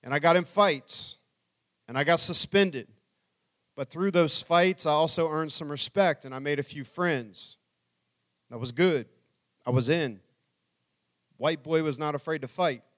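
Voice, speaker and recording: A man's voice: on the high side, unhurried, pauses often, fairly bright tone. A middle-aged man telling his life story to an audience as a speaker, earnestly acting out what people said. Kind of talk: personal testimony talk.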